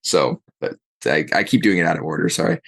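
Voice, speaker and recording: Low, gravelly male game master; rambling narration full of fillers. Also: big pitch swings, moderate pace, fairly bright tone. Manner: rambling, many fillers, chuckling.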